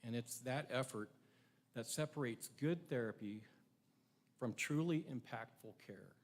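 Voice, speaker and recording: A man's voice: medium pitch, measured pace. A middle-aged man giving a prepared ceremony speech, earnest and reflective, with rhetorical questions to his audience. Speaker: ceremony speaker.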